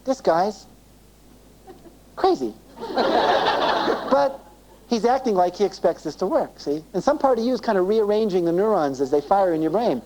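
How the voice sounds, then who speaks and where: A man with a high, expressive voice gives a live self-esteem seminar at a moderate pace, acting out short dialogues in quoted voices and asking the audience questions. It's on an old cassette tape with background noise.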